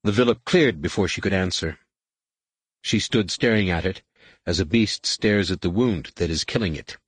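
A man narrating a science fiction audiobook in a measured, steady way. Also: deep voice, husky, no echo. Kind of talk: scripted sci-fi narration.

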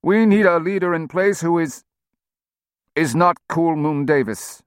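A man voicing a badly wounded older male president with a gravelly, nasal voice, speaking slowly through clenched teeth. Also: on the high side, no room sound, clean studio sound, voice pushed up, lightly acted. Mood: grim, defiant.

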